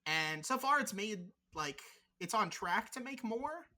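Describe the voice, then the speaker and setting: A podcast co-host talks in loose, rambling casual chat with a bright, forceful tone. The talk is teasing and sprinkled with swearing. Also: mid-range voice, lively intonation, measured pace.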